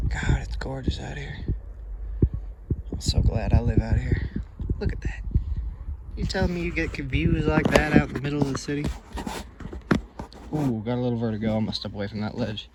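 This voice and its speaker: A man's voice: mid-range voice, animated, fairly quick, pauses often, heavy background noise. A young man with a drawl, chatting casually and joking as he vlogs a desert camping trip. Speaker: camping vlogger. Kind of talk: casual vlog talk. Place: desert, in a truck then outdoors on a cliff.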